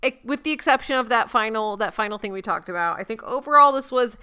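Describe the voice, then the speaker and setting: Bright, smooth-voiced upbeat woman. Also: on the high side, animated, quick pace. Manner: upbeat, wraps up segments in a playful tone. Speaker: podcast co-host. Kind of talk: casual chat.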